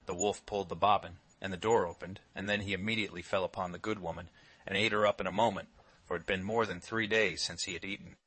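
Deep-voiced man reading a fairy tale. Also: steady tone, fast, a bit bright. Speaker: storyteller.

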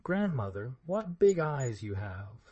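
A trusting little country girl from a storybook, speaking slowly in a raised, lilting voice, as a man puts her on. The tone stays warm and mellow, close and dry, with no room around it. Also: medium pitch, sing-song, breathy edge, no room sound, highs cut off, full character voice. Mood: wondering.

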